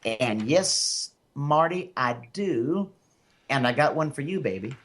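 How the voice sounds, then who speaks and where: A man's voice: medium pitch, lively intonation, slow, a bit bright. A man from Memphis with a Southern accent, hosting a call-in radio show as a psychic medium and telling stories in a rambling way with many fillers. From Memphis, Tennessee.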